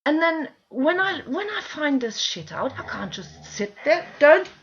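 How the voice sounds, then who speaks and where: High-voiced woman venting on a home vid, slow and fed up, swears a lot, muffled lo-fi sound. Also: sing-song, fairly bright tone, slight background noise. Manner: exasperated, pleading, swears often. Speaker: vlogger. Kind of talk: emotional direct-to-camera rant. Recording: dull lo-fi home video sound.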